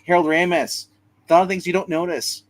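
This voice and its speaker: Rambling excited male co-host. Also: high voice, a little fast, poor audio. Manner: rambling, restarts a lot, excited. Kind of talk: casual movie chat.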